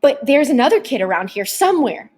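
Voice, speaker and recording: A woman's voice: sits high, sing-song, fairly quick, a little mellow, slightly rough, voice pushed up, full character voice. A woman voicing a terrified young boy who wails and pleads through sobs in a storybook reading. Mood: pleading.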